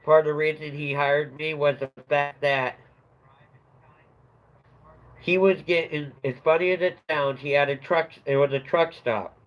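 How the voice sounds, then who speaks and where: A man's voice: on the high side, fairly even intonation, a little slow, long pauses, rough recording. A middle-aged man hosting a livestream, telling a rambling story in a casual chat and laughing at his own tale. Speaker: livestream host.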